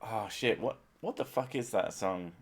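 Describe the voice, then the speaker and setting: A man's voice: lowish voice, normal speed, vocal fry, breathy edge. A young man hosting a stream, chatting casually with a co-host in jokey, sweary banter and laughing often.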